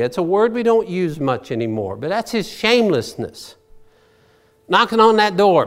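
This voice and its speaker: A man's voice: on the high side, lively intonation, normal speed, fairly bright tone. A man preaching a sermon as a pastor, telling the story in a folksy way with personal asides.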